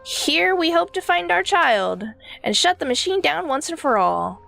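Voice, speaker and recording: A woman's voice: very high-pitched, very animated, unhurried, gravelly, pushed and bright, faint music behind, voice pushed up, exaggerated voice. Woman reading a weary, offhand dream wanderer. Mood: matter-of-fact.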